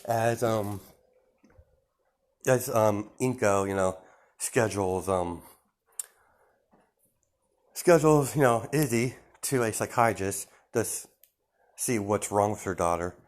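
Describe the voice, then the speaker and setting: A man's voice: on the low side, slow pace, pauses often. A man improvising a fan story aloud, rambling with many fillers and self-corrections.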